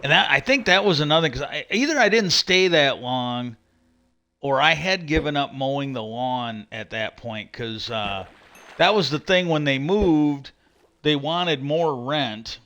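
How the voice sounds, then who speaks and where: Male streamer, casual ranting storyteller, rambling and profane, with a bright voice. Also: fairly high pitch, expressive, unhurried.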